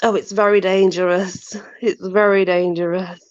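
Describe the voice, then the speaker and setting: A woman's voice: lowish voice, flat delivery, normal speed, smooth, no echo, dull audio. A woman chatting casually, apologetic and self-deprecating, fussing over her dogs. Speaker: channel host with dogs. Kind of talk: casual chat.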